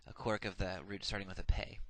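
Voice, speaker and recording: Low, fast and sharp, with little pitch movement, the man's voice guides a recorded Hebrew grammar lecture. He is patient and methodical, giving each form twice and frequently saying "uh."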